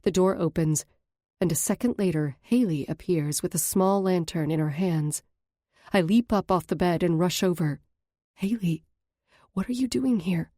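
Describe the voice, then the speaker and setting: A woman narrating a romance audiobook in the first person with steady, earnest storytelling. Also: fairly low pitch, normal speed, dry recording, studio quality.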